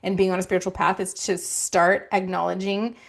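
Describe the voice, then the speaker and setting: Calm, reassuring woman podcast host. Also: mid-range voice, a little fast, gravelly. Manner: calm, reassuring, explains at length. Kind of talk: casual spiritual chat.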